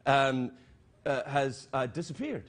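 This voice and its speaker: A man hosting a late-night talk show, teasing his guest with quick jokes. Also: mid-range voice, expressive, very noisy. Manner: joking, teasing, quick asides.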